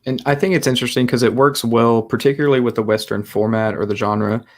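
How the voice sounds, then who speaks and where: A man's voice: medium pitch, fairly even intonation, quick pace. Easygoing male interviewer, laughing along. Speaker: interviewer, host. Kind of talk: casual interview chat.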